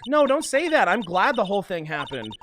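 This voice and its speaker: A man voicing a composed young woman event organizer who speaks in a calm, formal, polite way. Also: high-pitched, brisk, noisy background.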